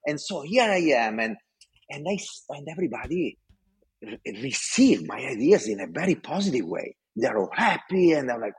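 This Italian man, accented and full of passion, tells animated stories from his career while acting out the conversations. His mid-range voice swings widely in pitch, carries a breathy edge, and moves at a moderate pace.

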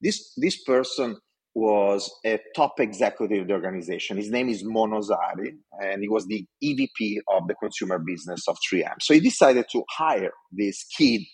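Passionate man, husky voice. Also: on the low side, moderate pace. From Italy. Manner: passionate, animated. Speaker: design executive speaker. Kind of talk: storytelling talk.

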